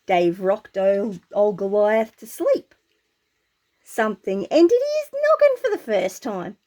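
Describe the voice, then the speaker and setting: Aussie woman reading a funny story, australian accent, slow, lively swoopy voice. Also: mid-range voice. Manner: animated, slangy.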